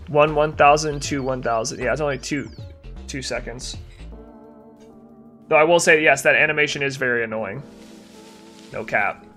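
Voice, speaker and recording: A man's voice: mid-range voice, normal speed, long pauses, sharp tone, soft background music. A young man live-streaming a game, tired and yawning, chatting casually and answering chat while he plays.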